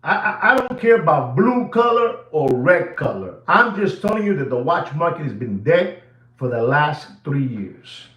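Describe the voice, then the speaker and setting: Excitable man ranting in an echoey room. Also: on the high side, normal speed, lo-fi sound. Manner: repetitive, emphatic, addresses viewers directly. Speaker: watch channel host. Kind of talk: animated ranting commentary.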